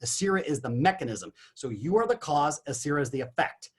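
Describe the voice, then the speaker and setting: A man giving an energetic motivational talk as a guest on a business call, animated and emphatic. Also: on the high side, brisk, a little hiss or hum. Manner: animated, emphatic, punchy exclamations.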